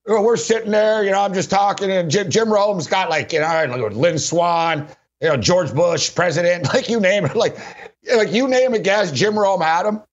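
Male sports radio host, a bit high-pitched, loose and laughing anecdotes, muffled lo-fi recording. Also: moderate pace. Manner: rambling, laughing often, heavy use of "like". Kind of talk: casual anecdotal storytelling. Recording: dull lo-fi recording.

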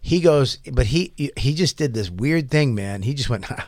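A man telling a rambling story in casual chat, animated and full of profanity. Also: medium pitch, normal speed, no echo. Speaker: podcast storyteller.

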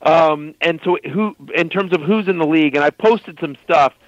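A man guest telling a story in casual talk, animated and loose, full of fillers. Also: a little high, normal speed, no room sound, lo-fi sound.

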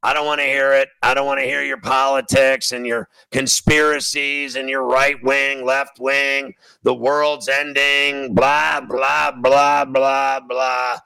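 A man's voice: mid-range voice, little pitch movement, unhurried, few pauses, pushed and bright, clear, resonant tone, no echo, low-quality recording. Blunt, ranting man host. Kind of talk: opinionated sports talk monologue.

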